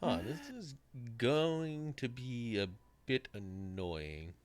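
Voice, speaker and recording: A man's voice: mid-range voice, very animated, takes it slowly, dry recording. A man playing a tabletop game with friends, chatting casually with playful, laughing quips. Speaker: player. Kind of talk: casual chat among friends.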